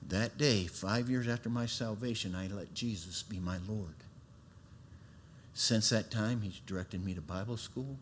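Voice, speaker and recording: A middle-aged man giving a sermon testimony in a folksy storytelling way, swinging from loud emphatic bursts to hushed, earnest tones. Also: lowish voice, unhurried, slight background noise.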